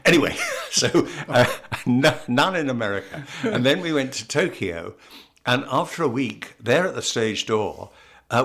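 A man's voice: mid-range voice, lively intonation, normal speed, creaky, a bit bright. An older English man, an actor, telling anecdotes in an interview, with frequent stammered restarts. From England. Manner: storytelling with stammered restarts and laughs. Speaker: actor guest.

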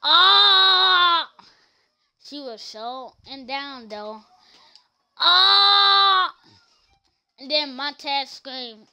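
A woman streamer acting out comedic skits, loud and playful with shouted exclamations. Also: high-pitched, clean tone. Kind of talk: comedic skits with character voices.

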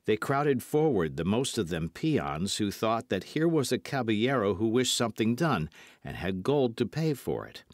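A man's voice: fairly low pitch, normal speed, no echo, studio quality. Man narrating an audiobook dramatically. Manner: lively, dramatic storytelling. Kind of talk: scripted narration.

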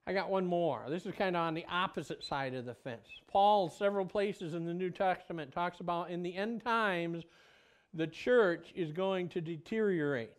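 A man preaching a sermon as a pastor. He swings between loud exclamations and a hushed, low voice. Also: moderate pace.

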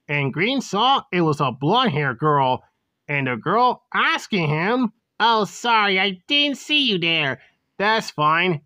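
Slow bright amateur woman narrator. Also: medium pitch, dry recording. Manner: plain, unpolished, ungrammatical. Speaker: storyteller.

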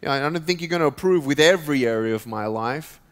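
A man's voice: fairly high pitch, expressive, brisk, a bit bright. A man voicing a nervous, hesitant ordinary man who stammers, in a story told during a sermon. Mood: uneasy. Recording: reverberant church hall.

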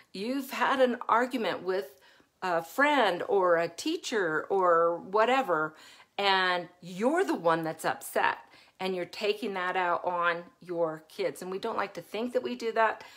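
A middle-aged woman giving a live-stream talk as a parenting coach, chatty and laughing often as she acts out her own moments of yelling. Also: lowish voice.

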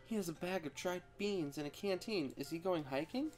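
A woman co-hosting a let's play, reading visual novel text aloud in an animated, playful way. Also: on the low side, moderate pace, faint music behind.

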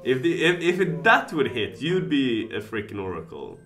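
A man commentating his own live stream. He thinks out loud, reads chat messages and jumps from mutters to shouts of excitement. His pitch swings widely and lively. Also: normal speed, soft background music. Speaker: casino streamer.

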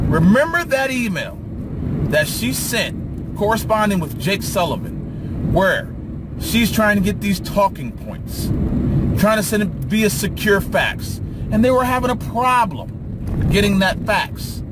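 A man's voice: high voice, very noisy. A man ranting angrily in an opinion monologue, firing off indignant rhetorical questions. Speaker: political vlogger.

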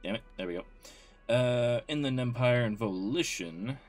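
A man's voice: mid-range voice, expressive, normal speed, soft background music. A man hosting a let's play, commenting casually and with amusement as he reads dialogue aloud.

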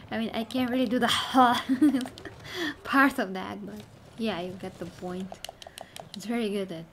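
A woman's voice: mid-range voice, moderate pace, slight background noise. A woman giving casual gameplay commentary, chatting to herself and exclaiming at the game. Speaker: gaming channel host.

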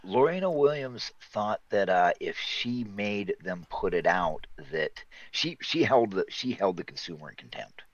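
A man's voice: on the low side, expressive, a little slow, few pauses, no room sound, highs cut off. A middle-aged man, an Army veteran guest, telling stories in casual chat with wry humor and free swearing. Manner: wry, swears freely, laughs through stories.

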